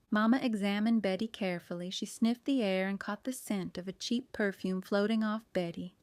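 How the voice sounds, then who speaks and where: A woman reads a mystery audiobook aloud as the narrator, expressive and shaping a voice for every character. Her tone is smooth and clear at an ordinary middle pitch, recorded close and dry. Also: moderate pace, hardly any pauses, no room sound. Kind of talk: scripted narration.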